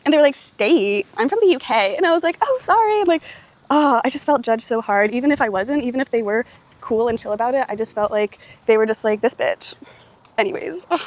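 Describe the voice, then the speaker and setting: A woman's voice: fairly high pitch, fast talker. A young woman chatting to camera in a travel vlog, rambling and self-mocking, with plenty of "like". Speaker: travel vlogger. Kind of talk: casual vlog chat to camera.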